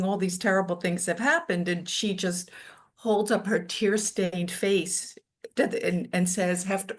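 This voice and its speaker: A woman from New York speaking as a radio guest, reflective and chatty, thinking aloud. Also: medium pitch. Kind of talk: casual radio interview.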